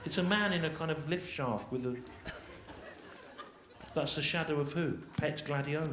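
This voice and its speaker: A man's voice: on the high side, moderate pace. A man doing live stand-up with crowd work on stage, talking in a dry, repetitive, mock-exasperated way. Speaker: stand-up comedian. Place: large live comedy venue, on stage. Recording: echoey live venue, loud noise. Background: audience laughter.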